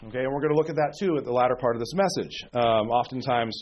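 A pastor with a weak voice, under the weather with a cold, preaching in a folksy, conversational way that keeps checking in with "okay?". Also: male voice, medium pitch, quick pace, a little hiss or hum. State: sick with a cold. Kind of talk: conversational sermon. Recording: dull lo-fi recording.

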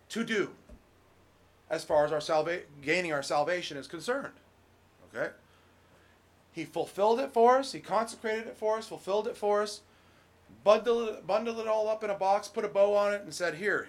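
A middle-aged man preaching a relaxed, conversational sermon as pastor, folksy, full of restarts and "you know.". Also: high-pitched, moderate pace, pauses often.

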